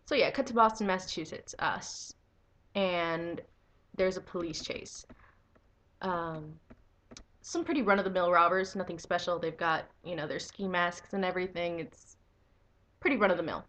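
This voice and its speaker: A young woman giving a casual video review of a comic book, excitable and swearing freely, breaking into enthusiastic squeals. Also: on the low side, moderate pace, long pauses, a little hiss or hum.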